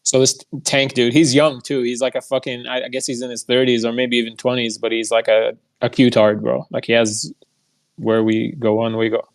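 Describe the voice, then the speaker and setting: A man's voice: medium pitch, little pitch movement, normal speed, gravelly. A young man telling a heated, profane story in a casual monologue, mocking the people he quotes. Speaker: podcast host.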